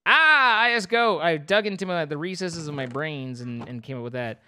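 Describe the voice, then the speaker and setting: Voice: medium pitch, expressive, moderate pace, bright, forceful tone. A young adult streamer giving playful, rambling live commentary over a game, breaking into squeals of mock panic.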